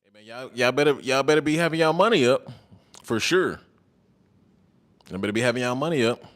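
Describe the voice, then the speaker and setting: A man chats on a livestream in an easygoing, slangy way. He reads out viewer comments and riffs on them, repeats his own lines and laughs often. His voice sits at an ordinary male pitch. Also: a little fast, fairly bright tone. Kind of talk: casual livestream chat.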